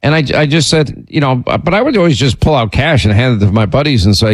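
A middle-aged man hosts a radio show, chatting and storytelling in a loose, rambling way. His voice swings widely in pitch and leaps higher whenever he gets worked up. The studio sound is dry and close. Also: fast, no room sound. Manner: animated, rambling, jumps up in pitch when indignant. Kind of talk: casual on-air storytelling.

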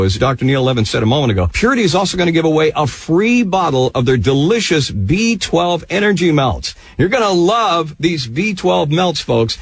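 A man hosting a radio show, delivering a brisk sales pitch and reading out a number slowly. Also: breathy edge, dry recording. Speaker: radio host.

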